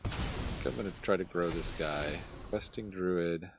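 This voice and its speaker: Deep gravelly man muttering through gameplay. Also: measured pace, slight background noise. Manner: muttering thoughts aloud while playing. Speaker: gameplay commentator and channel host. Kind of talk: casual gameplay commentary.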